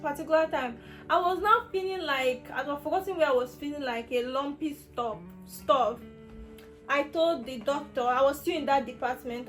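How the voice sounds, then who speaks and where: High-voiced Nigerian woman telling her story. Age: young adult. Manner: emotional, rambling storytelling with many restarts. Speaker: vlogger. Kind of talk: personal health story told to camera.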